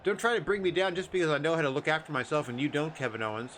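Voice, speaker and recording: A man's voice: a little high, very fast, slight background noise, close to an everyday voice. A man doing a laid-back cocky wrestler. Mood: smug. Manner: relaxed, smug comebacks.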